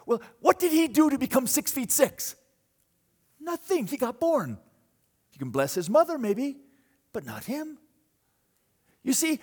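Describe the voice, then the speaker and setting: A man preaching a sermon, telling a story with dramatic swings between loud bursts and hushed moments. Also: high voice. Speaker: pastor.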